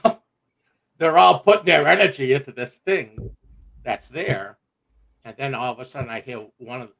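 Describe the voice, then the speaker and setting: A middle-aged man telling a personal story on a livestream, animated and profane, laughing as he goes. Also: mid-range voice. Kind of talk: casual storytelling.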